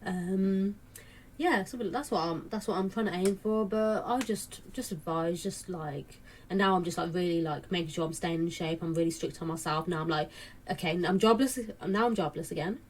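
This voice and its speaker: A woman's voice: lowish voice, steady tone, normal speed, darkish tone, slight background noise. A woman in her late twenties chatting casually to camera, rambling with lots of fillers and restarts. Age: late 20s. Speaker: vlogger.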